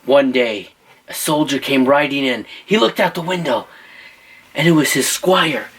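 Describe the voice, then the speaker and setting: A man's voice: mid-range voice, a little slow, a bit bright, husky, poor audio. A father telling an improvised choose-your-path story, playful and teasing, asking his listeners for choices.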